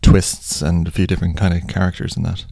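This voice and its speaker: A man's voice: low voice, level tone, a little fast, gravelly, dark tone, dry recording. A man co-hosting a casual podcast, joking and teasing his co-host.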